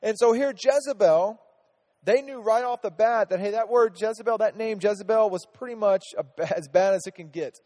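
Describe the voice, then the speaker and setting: A man's voice: sits high, a little mellow, long reverb tail. A man teaching a casual Bible lesson to a group, chatty, asking them questions and restarting his sentences often.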